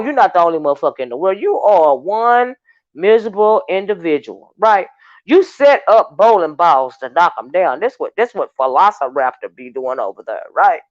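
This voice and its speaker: A woman host giving casual ranting commentary, exasperated and animated, with long sighing hums between remarks. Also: a little high, dry recording, lo-fi sound.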